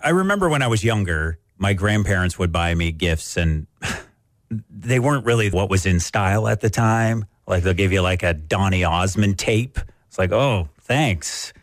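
A male radio co-host from Canada, chatting in a relaxed, joking way. His voice swings freely up and down as he tells stories and slips into the voices of people he quotes. The studio sound is close and dry. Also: deep voice, moderate pace, no room sound. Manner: jokey storyteller who acts out quoted voices. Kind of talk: casual morning radio banter. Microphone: studio microphone.

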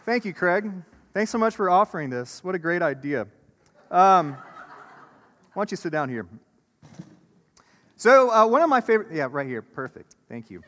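A man's voice: sits high, big pitch swings, normal speed, long pauses, fairly bright tone, some chatter behind. A man preaching a sermon to a congregation in a church sanctuary, earnest and building through repeated phrases, then loosening into casual, chatty asides. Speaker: pastor. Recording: echoey church hall.

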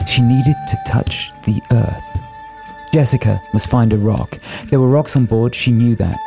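A man narrating an audiobook in a measured, unhurried storytelling manner. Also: medium pitch, gravelly. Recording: narration over music.

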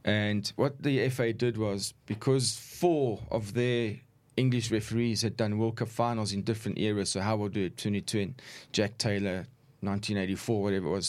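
A middle-aged former football referee, relaxed and anecdotal, telling stories in a conversational interview. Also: male voice, lowish voice, moderate pace, hardly any pauses. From South Africa. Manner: relaxed, anecdotal, chuckles while recounting. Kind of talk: conversational storytelling.

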